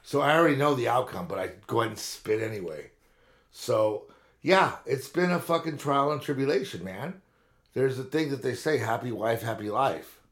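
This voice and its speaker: A man's voice: medium pitch, animated, moderate pace. A man in his fifties on a podcast, telling long, rambling, profane stories in casual chat. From Southern California. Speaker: podcast co-host.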